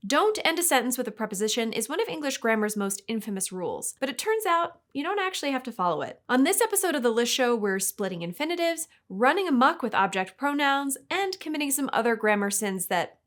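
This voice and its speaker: A woman hosting a scripted explainer, delivering facts in a lively, playful, wry way. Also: sits high, fairly quick, hardly any pauses. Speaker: host.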